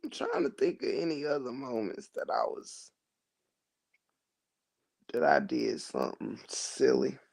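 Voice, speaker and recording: A man telling a funny story to his chat in a casual, animated way, swearing freely and laughing often. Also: medium pitch, unhurried, vocal fry, long pauses. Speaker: livestream host reading chat.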